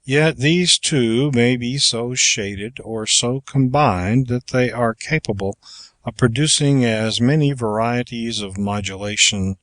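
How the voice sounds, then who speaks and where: A man giving a measured, even scripted narration of a public speaking manual, as an audiobook narrator. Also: medium pitch, dry recording.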